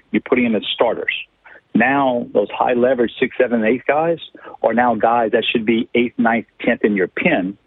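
Man, south Louisiana Cajun accent, folksy and joking, husky, phone-line audio. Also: mid-range voice, dry recording. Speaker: guest, baseball commentator. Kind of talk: casual chat on a call-in.

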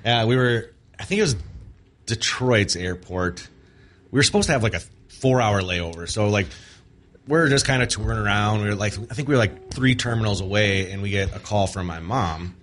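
A man filling in as radio co-host, mellow and laid-back, telling stories in a rambling way. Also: lowish voice, lively intonation, moderate pace. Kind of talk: morning radio chat.

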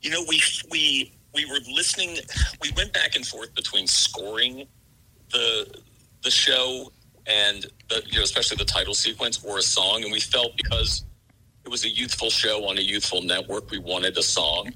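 A man joining a radio show by phone, answering in a measured, thoughtful way. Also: on the low side, sharp tone, slightly rough, rough recording. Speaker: phone guest, TV show creator. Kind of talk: casual phone chat.

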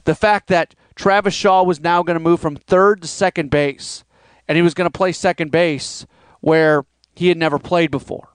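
A man's voice: a little high, steady tone, moderate pace, clean tone, dry recording. A man hosting a sports podcast, talking alone in a rambling, conversational way and now and then mimicking critics' voices. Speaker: podcast host. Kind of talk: solo sports podcast monologue.

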